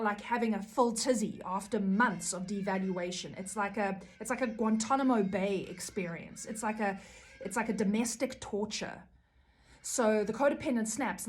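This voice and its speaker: A woman's voice: mid-range voice, moderate pace. Earnest woman rambling to camera. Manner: earnest, rambling, many fillers and "right?" tags. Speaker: vlogger on codependency recovery. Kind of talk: casual talk to camera.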